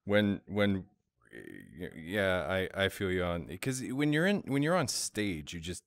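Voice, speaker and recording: A man's voice: low-pitched, expressive, a little slow, no room sound. A man hosting a casual livestream chat, jokey and rambling, with many restarts. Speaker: host.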